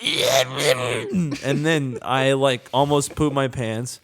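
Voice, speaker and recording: A man's voice: mid-range voice, extremely slow, fairly bright tone. A young man co-hosting a casual podcast, telling a rambling, jokey story full of "dude" and "man". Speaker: podcast co-host. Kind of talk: casual chat.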